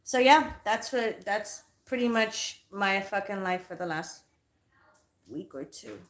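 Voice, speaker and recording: A woman's voice: mid-range voice, lively intonation, takes it slowly. A woman hosting a casual livestream as a psychic reader, telling stories in a heated, profane way and sounding tired. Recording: echoey room.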